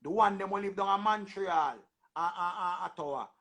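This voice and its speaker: A young man with a Jamaican accent, hosting a casual livestream and bantering in animated patois, often repeating himself. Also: high-pitched, fairly quick. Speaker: livestream host. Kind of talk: casual livestream chat with callers.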